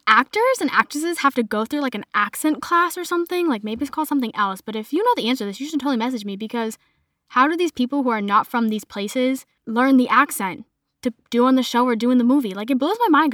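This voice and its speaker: A woman's voice: sits high, fairly bright tone, no room sound, clean studio sound. A young adult woman with a Boston accent, chatting casually as a podcast host and filling her talk with "like". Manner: chatty, heavy use of "like" fillers. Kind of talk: casual chat monologue.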